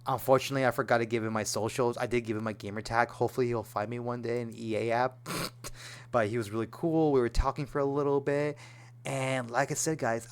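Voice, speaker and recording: A young man chatting casually in a vlog, excitable and rambling, with lots of fillers and restarts. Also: medium pitch, smooth. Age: young adult. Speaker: gaming YouTuber.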